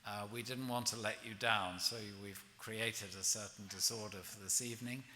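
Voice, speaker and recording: Male professor, low and very bright voice, halting intro, echoing hall with faint hum. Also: steady tone. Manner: halting, with many ums and restarts. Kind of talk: formal introduction. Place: lecture hall. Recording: reverberant hall with faint room noise.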